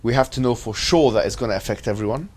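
A man's voice: mid-range voice, fast, distant mic. A man teaching an ethics class, asking the students questions and often checking with "right?".

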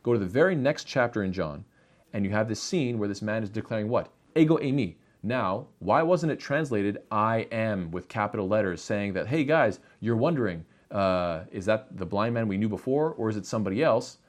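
A man giving an explanatory religious talk, asking rhetorical questions and pausing with frequent fillers. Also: lowish voice, lively intonation. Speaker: religious teacher.

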